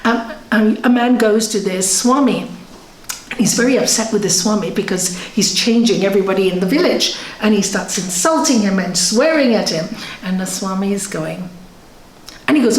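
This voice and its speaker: In an echoey yoga centre hall, a woman yoga teacher gives a conversational spiritual talk in a mid-range voice at a moderate pace. She's animated, telling stories and acting out what people said.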